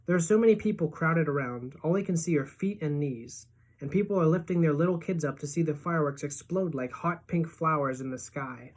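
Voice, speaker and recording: A woman teacher reading a novel aloud to her class in a lively storytelling manner. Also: low voice, brisk.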